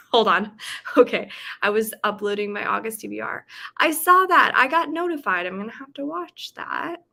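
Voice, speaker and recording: A woman's voice: a little high, lively intonation, normal speed, vocal fry, bright, forceful tone. A woman hosting a casual livestream, chatting about books and reading viewer comments with lots of fillers. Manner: chatty, with frequent fillers and laughs. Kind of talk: casual chat.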